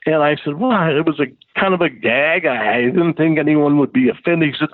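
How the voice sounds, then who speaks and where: A man's voice: brisk, few pauses, no echo. A man telling a casual anecdote as a guest, acting out the people he quotes. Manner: lively, acts out quoted voices with big pitch jumps. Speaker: guest storyteller. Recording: tinny phone-like sound.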